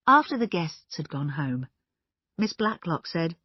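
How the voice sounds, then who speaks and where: A woman narrating a storybook for English learners in a slow, clear reading. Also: sits low, sing-song, no room sound, dull audio.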